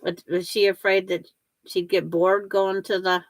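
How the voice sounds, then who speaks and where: A woman's voice: mid-range voice, little pitch movement, measured pace. An older woman hosting a quilting livestream, chatting with viewers and talking herself through each step as she sews. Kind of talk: casual chat while sewing.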